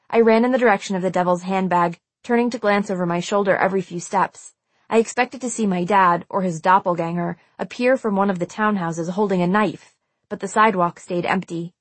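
Brief: female audiobook narrator, mid-pitched, tense and emotional delivery, dry close studio sound. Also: no room sound. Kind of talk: first-person audiobook narration.

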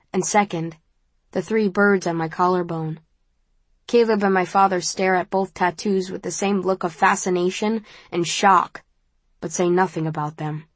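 A woman narrating an audiobook in the first person, measured and intimate. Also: medium pitch, no echo.

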